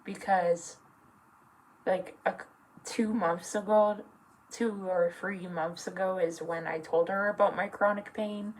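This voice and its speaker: Slow, halting young feminine voice. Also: female voice, mid-range voice, fairly even intonation, a little hiss or hum, rough recording. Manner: halting, earnest, heavy on fillers; emotional, near tears at times. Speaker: vlogger. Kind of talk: personal confessional vlog.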